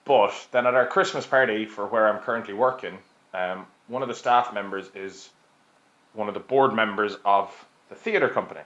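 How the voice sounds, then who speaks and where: A young man from Ireland, late twenties, appears as a podcast guest, sharing casual stories with plenty of laughter and self-mockery. His fairly low voice is a bit bright at normal speed, recorded in a roomy, slightly dull space.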